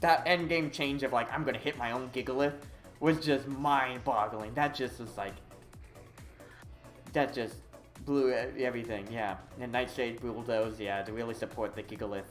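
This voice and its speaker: A streamer giving live commentary on a video game, excitable and full of hesitant fillers. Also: medium pitch, normal speed, faint music behind. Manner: excitable, swings from quiet muttering to loud whooping.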